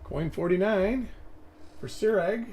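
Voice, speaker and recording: A man's voice: high-pitched, slow pace, darkish tone, husky. A male host giving casual live-stream commentary, thinking aloud and rambling as he examines coins. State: hiccups.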